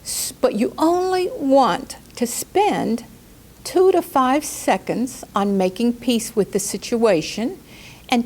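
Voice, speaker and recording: A woman life coach giving a calm spoken lesson, slowing down to stress key words and acting out quoted outbursts in a raised voice. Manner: calm, gentle delivery with slow deliberate emphasis; acts out quoted outbursts in a higher, louder voice. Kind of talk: spoken teaching talk.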